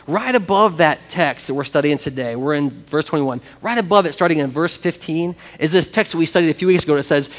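A pastor with a high voice preaches an animated sermon, acting out the voices of the people he quotes. He speaks in a church sanctuary. His voice rings with the long reverb of a large hall.

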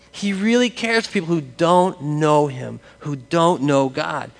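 A man preaching a sermon as pastor, animated and acting out the voices of people he quotes. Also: on the high side, measured pace, vocal fry, hardly any pauses, long reverb tail.

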